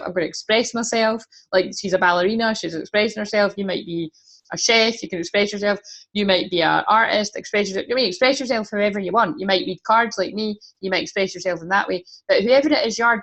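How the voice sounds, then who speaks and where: A woman's voice: medium pitch, fairly quick, fairly bright tone. A woman giving a casual tarot reading, chatty, swearing freely and laughing often. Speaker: tarot reader.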